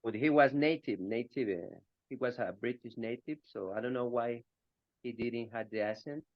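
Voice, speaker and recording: A male student answering in a class discussion, speaking English as a with many pauses and fillers. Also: medium pitch, dry recording, dull audio.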